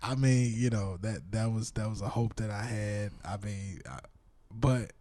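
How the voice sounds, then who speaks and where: A man's voice: on the low side, a little slow, dark tone, dry recording. A man co-hosting a casual podcast, telling stories in a laid-back way and laughing often. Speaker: podcast co-host.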